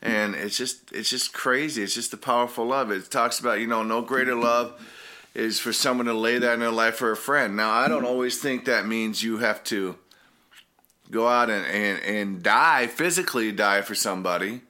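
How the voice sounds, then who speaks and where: A man's voice: medium pitch, normal speed, pushed and bright. A man giving an informal Bible teaching, earnest and rambling, often restarting his sentences. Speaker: preacher.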